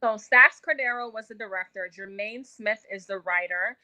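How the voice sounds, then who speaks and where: A woman's voice: mid-range voice, normal speed, a crowd in the background, low-quality recording. A woman giving a casual radio interview as an actress and guest, talkative with many filler words.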